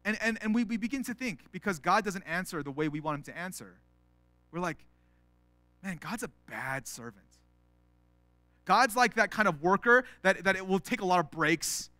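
A man's voice: high voice, expressive, fairly quick, sharp tone, no room sound. A man, a pastor, preaching an earnest sermon, often acting out prayers as quoted speech and repeating words as he starts sentences. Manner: acts out prayers in quoted voices.

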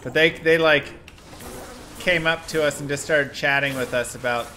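A man's voice: on the high side, steady tone, moderate pace, sharp tone, a little hiss or hum. A man casually commenting on his gameplay during a live stream, chatty and rambling with frequent laughs. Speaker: game streamer.

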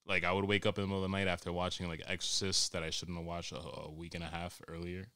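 A man hosting a podcast as a crude, excitable comic monologue full of swearing. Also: low voice, fast, hardly any pauses, smooth, dry recording, clean studio sound. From New York. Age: 20s. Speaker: podcast host.

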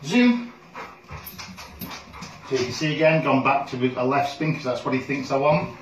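A man working as a dog trainer, calmly explaining a training session with frequent ums. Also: medium pitch, fast talker, far from the mic, muffled recording. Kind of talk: instructional training video. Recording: roomy sound, speaker off from the mic.

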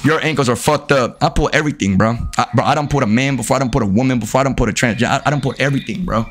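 A man live-streaming a video game, cursing and trash-talking at his chat, with sudden yelled outbursts. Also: mid-range voice, racing. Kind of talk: casual live-stream commentary while gaming.

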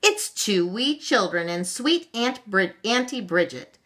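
A woman's voice: medium pitch, big pitch swings, unhurried, a bit bright, voice pushed up. A woman doing a cheeky Irish leprechaun. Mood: sly. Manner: teasing, mocking. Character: cheeky little male leprechaun trickster.

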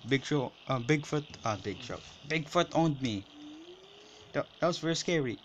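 A man's voice: on the high side, animated, normal speed, a little hiss or hum. A man giving jokey, dramatic let's play commentary as a gaming video host. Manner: jokey, dramatic, shouts and screams at scares. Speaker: gaming YouTuber.

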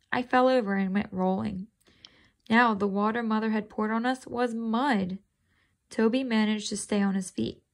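A woman's voice: a little high, gravelly. A woman reading a children's chapter book aloud in a casual way, stopping to think aloud and quiz her listeners.

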